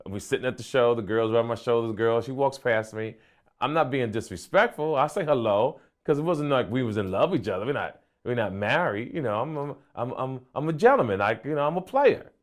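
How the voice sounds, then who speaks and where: A man's voice: mid-range voice, lively intonation, a little fast. A man, a comedian guest, recounting a personal story in a matter-of-fact way.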